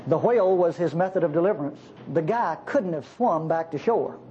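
A preacher delivering a sermon in an animated way, with jokey asides to the congregation. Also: medium pitch, fairly quick. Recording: slightly dull recording with faint hiss.

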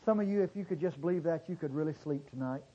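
A man preaching a sermon to a congregation, swinging from low murmurs to loud exclamations and drawing out key words. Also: breathy edge, dull audio. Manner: drawn-out stressed words. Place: church service before a congregation.

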